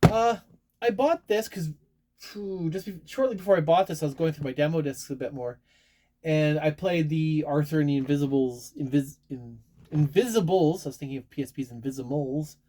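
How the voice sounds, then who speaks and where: A married adult man, whose voice sits on the high side with a dark tone and normal speed, chats casually about his latest collector purchases. He pokes fun at himself, rambles and keeps restarting words.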